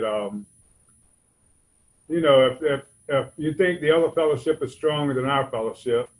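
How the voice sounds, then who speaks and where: A man's voice: mid-range voice, rough recording. A man giving a rambling, conversational personal testimony at a recovery convention. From Georgia. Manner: rambling, conversational, frequent "you know what I'm saying". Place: convention hall stage.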